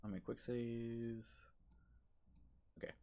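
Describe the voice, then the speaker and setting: A man's voice: medium pitch, level tone, slow, gravelly, warm tone, a little hiss or hum. A man streaming a game, making offhand, chatty asides. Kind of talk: casual game commentary.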